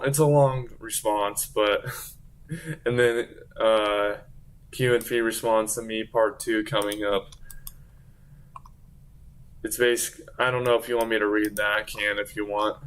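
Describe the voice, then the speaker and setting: A man with a low, clear voice talks casually on a livestream, recounting an online argument. His delivery stays flat and even as he reads quotes aloud with fillers. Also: takes it slowly, pauses often.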